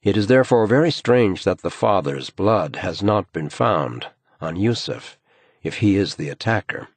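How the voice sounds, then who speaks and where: A man reading a crime thriller audiobook in measured, grave scripted narration. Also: low-pitched, lively intonation, husky, dry recording.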